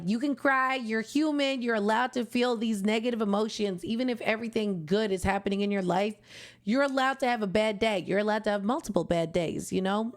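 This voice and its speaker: A young woman streamer reacting to an album, talking in a heartfelt, gushing way that turns tearful at times. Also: a little high. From Canada. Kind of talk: emotional casual reaction commentary.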